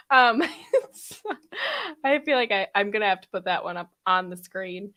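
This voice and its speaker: A woman in her thirties hosting a podcast live stream, talking fast and chatty with frequent laughs, her throat a little sore after being ill. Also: mid-range voice, sing-song, bright, forceful tone. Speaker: podcast host. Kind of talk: casual live stream chat.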